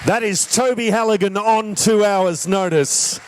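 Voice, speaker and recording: A man with a high voice hosts and emcees a live show at a measured pace, bantering playfully with the audience. He speaks to them directly, with hesitant restarts, over a noisy background.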